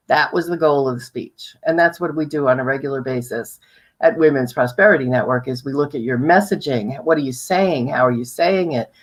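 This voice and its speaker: A woman originally from New York, coaching viewers on presenting, with big upward pitch swings for emphasis and frequent rhetorical questions. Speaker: guest speaker on sales presentations.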